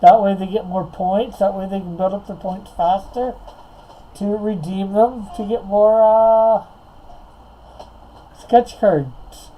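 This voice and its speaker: A man's voice: high voice, steady tone, slow, lo-fi sound. A man hosting a casual livestream, chatting about comics and reading viewer comments while doing digital coloring. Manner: rambling, reads chat aloud, laughs often. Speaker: livestream host.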